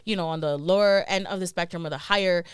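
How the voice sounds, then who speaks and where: A woman in her forties, born in India, a comedian guest chatting casually on a podcast with lively storytelling and many fillers. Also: lowish voice, quick pace, clean tone, no room sound, studio quality. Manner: animated storytelling, lots of fillers.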